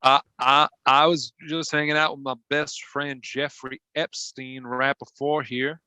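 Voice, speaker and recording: A crude, boastful older Southern statesman drawls every line slowly, as a man puts him on for an improv bit. His voice is bright and forceful, and it sits dry and close to the mic. He jeers at everyone in a thick Southern accent. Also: mid-range voice, level tone, clean tone, no echo, rough recording. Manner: slow drawling brags, rude insults. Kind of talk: improv comedy.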